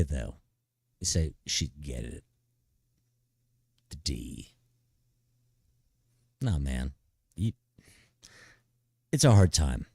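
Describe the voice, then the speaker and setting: A man's voice: sits low, dark tone, dry recording, studio quality. A middle-aged man streaming live, giving blunt, profane big-brother advice in a laid-back way and saying "dude" constantly. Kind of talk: casual live-stream chat.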